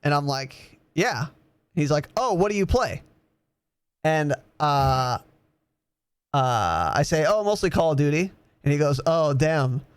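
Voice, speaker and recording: A young man in his twenties hosting a podcast, telling a story in a loose, animated way, swearing and laughing as he goes. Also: a little high, takes it slowly, long pauses, smooth, no echo, clean studio sound. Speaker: podcast host. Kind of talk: casual storytelling.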